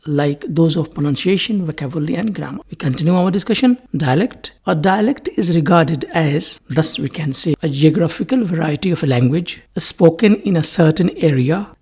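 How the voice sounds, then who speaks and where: A lecturer giving a recorded English-language lesson in a deliberate way, repeating key terms in lists. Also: medium pitch, warm tone, husky.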